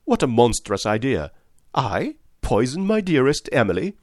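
A man's voice: mid-range voice, sing-song, moderate pace, darkish tone, dry recording, studio quality, pitched above the performer's own voice, lightly acted. A man voicing a distressed, indignant middle-aged husband who protests and pleads, in an audiobook reading.

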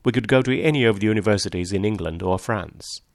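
A man's voice: on the low side, fast talker, creaky, no room sound, clean studio sound. A man reading a story aloud, voicing a polite, earnest young man who grows passionate.

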